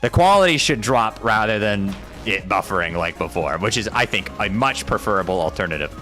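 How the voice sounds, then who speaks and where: Excitable young male game streamer. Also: lowish voice, a little fast, faint music behind. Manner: excitable and jokey, voice shooting up when startled. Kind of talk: live game stream commentary, reading chat.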